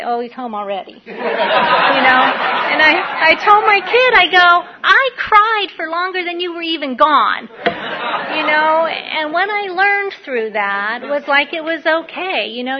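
Middle-aged woman, slightly high voice, sharing her recovery story in a loose, candid ramble; muffled lo-fi recording. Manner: candid, rambling, many fillers. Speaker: recovery meeting speaker. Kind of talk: personal testimony talk. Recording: dull lo-fi recording.

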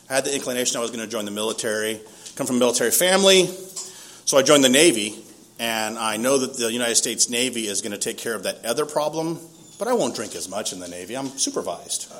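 Fifty-something guy telling old stories, laughs at himself a lot, voice jumps all over. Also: medium pitch. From San Diego, East County. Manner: animated, self-mocking, laughs often. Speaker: speaker telling his recovery story. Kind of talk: casual first-person storytelling.

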